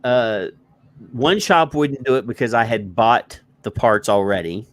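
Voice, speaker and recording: A man's voice: medium pitch, unhurried, no room sound. A man telling a story in casual podcast chat, acting out what people said and swearing when annoyed. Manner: animated storyteller, acts out quotes, swears. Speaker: co-host.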